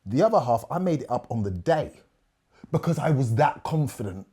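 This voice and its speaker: A man tells stories as a podcast guest. His tone is mellow and relaxed, and he stays animated throughout, often repeating words and acting out the lines of the people in his stories. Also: medium pitch, normal speed, slightly rough. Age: 50s. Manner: animated, repeats words, quotes others at length. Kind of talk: casual storytelling.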